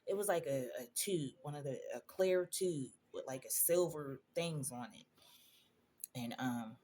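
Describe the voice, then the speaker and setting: A woman's voice: low voice, unhurried, mellow. Emotional woman telling a personal story. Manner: emotional, conversational, addresses viewers as y'all. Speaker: vlogger.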